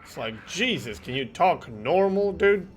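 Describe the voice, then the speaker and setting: Animated, joking man streaming a game. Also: a little high, measured pace. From Croatia. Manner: animated, joking, swears, laughs often. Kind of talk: casual gameplay chat with chat replies.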